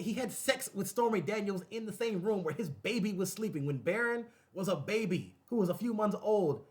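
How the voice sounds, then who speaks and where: Male host, higher pitch, animated repetitive commentary. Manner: animated, repetitive, laughing asides. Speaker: show host. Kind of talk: casual commentary to camera.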